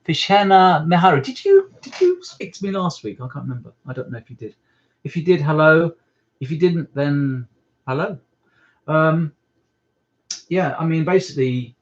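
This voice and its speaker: Man, casual live-stream chat, halting with fillers, slightly muffled home recording. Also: medium pitch. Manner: rambling, hesitant, many ums. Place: at home indoors.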